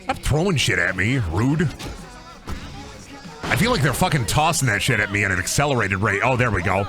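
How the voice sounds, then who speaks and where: Lively, profane Iowan streamer. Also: male voice, fairly low pitch, moderate pace, over music. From Iowa, USA. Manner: rambling, profane, jokey. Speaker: game streamer. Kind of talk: casual gaming commentary.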